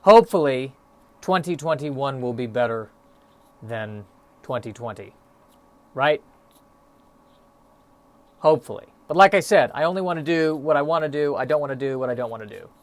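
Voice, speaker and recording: A man's voice: mid-range voice, lively intonation, moderate pace, long pauses, dry recording. A young man hosting a solo podcast, musing in a stop-start, self-deprecating way with lots of fillers, a little out of breath. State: a bit out of breath. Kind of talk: rambling solo podcast monologue.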